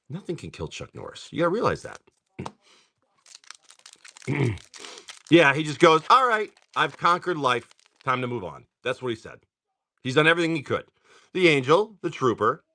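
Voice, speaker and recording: A man hosting a live card-break stream, just woken up and clearing his throat, chatting in a rambling way while rattling off card names. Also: medium pitch, fairly bright tone. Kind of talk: casual livestream chatter.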